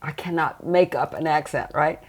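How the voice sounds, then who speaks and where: An older woman, a trance channeler, talking reflectively in a relaxed interview and laughing often. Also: low-pitched, moderate pace, breathy edge.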